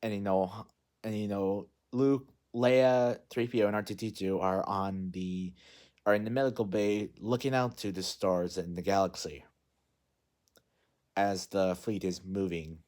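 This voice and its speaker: Rambling man with a lowish voice. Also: fairly even intonation, measured pace, darkish tone. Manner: rambling, heavy fillers and restarts. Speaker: movie vlogger. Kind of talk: casual unscripted movie recap.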